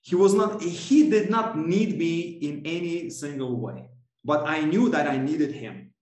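A man's voice: a little high, a little slow, a little mellow, roomy sound, poor audio. A man telling a personal story as a podcast guest, rambling with many restarts and self-corrections and laughing often. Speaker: podcast guest, coach and author. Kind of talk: casual storytelling interview.

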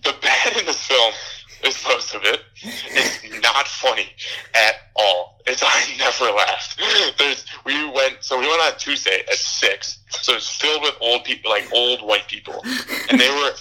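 A man's voice: mid-range voice, lively intonation, measured pace, bright, forceful tone, low-quality recording. A young man co-hosting a podcast, giving an angry, profane rant with laughs. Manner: ranting, profane, laughing through bits. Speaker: podcast host. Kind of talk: casual film review chat.

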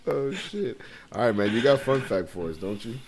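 A man's voice: medium pitch, big pitch swings, moderate pace, slight background noise. A man co-hosting a podcast, chatting casually in a loose, profane, joking way. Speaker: podcast co-host. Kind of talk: casual chat.

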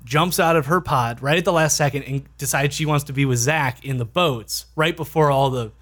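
A man in a casual comedy chat, talking in halting restarts and laughing along. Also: on the high side, fairly bright tone. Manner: hesitant, many restarts and fillers, laughs along. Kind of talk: improvised comedy brainstorm.

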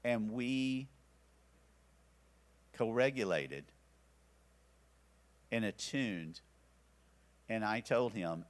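A man's voice: on the low side, lively intonation, very slow, long pauses. An older man teaching parents, telling a story about his grandsons and acting out his own soothing words. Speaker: church teacher. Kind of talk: teaching talk with personal story.

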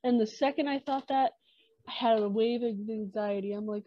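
A woman's voice: a little high, normal speed, mellow, dry recording. A young woman guest on a podcast, chatting casually and filling her talk with "like". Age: young adult. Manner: chatty, filler-heavy with lots of 'like'. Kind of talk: casual chat. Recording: dry, slightly dull podcast audio.

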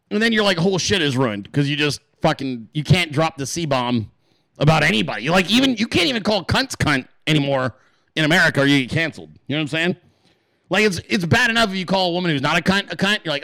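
A man hosting a podcast in a casual, profane rant, acting out quick voices in his stories. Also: on the high side, creaky, dry recording. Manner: animated, swears a lot, acts out voices in his stories. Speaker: podcast host.

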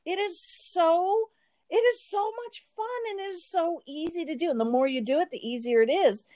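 Brief: giggly female host, high voice with big swings, dry close sound. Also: normal speed, no room sound. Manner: giggly, lively storyteller. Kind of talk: casual chat on a video call.

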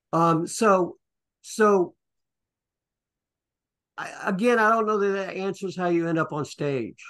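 A woman's voice: on the low side, takes it slowly, pauses often, a bit bright. A woman interviewing a guest, mostly giving brief affirmations and laughing along.

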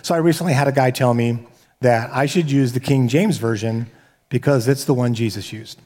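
A man's voice: medium pitch, moderate pace, a little mellow. A man preaching a sermon as pastor, talking casually with joking asides and frequent restarts. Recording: long hall reverb.

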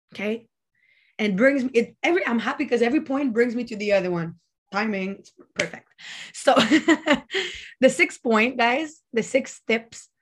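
Chatty, animated woman giving self-help advice. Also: on the high side. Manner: chatty and animated, laughs often, acts out her own inner voice. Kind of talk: casual motivational talk.

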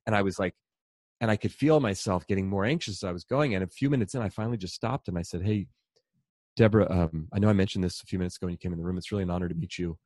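Middle-aged male author, fast and animated storyteller, lowish voice, dry close sound. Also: dry recording. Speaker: author and speaker. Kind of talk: conversational storytelling.

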